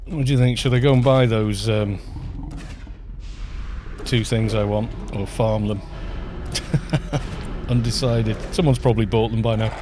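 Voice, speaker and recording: A man's voice: lowish voice, steady tone, measured pace, long pauses, background noise. A man chatting casually on a live game stream, rambling and musing aloud as he answers chat.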